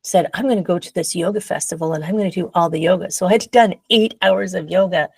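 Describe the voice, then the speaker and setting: Laughing woman with a gravelly low voice. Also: fast, a little hiss or hum. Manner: animated, laughs often, acts out her own past voice. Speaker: guest. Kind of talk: casual storytelling in a podcast interview.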